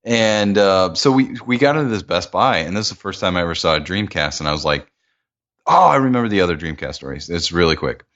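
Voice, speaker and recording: A man co-hosting a podcast, telling a relaxed story in casual chat. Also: low voice, fast, highs cut off. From Minnesota. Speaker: podcast co-host.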